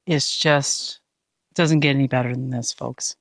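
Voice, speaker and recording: A woman speaking calmly and encouragingly as a hiking companion on a mountain summit, recorded on a handheld phone. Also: extremely low pitch, measured pace, no echo, studio quality. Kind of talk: casual trail vlog.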